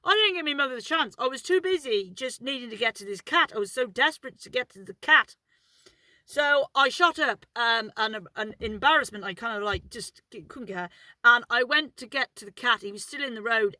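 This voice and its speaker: A woman's voice: a little high, animated, brisk, pushed and bright, no room sound, poor audio. A woman telling a story in a casual vlog from inside her car, chatty and rambling, swearing freely. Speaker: vlogger.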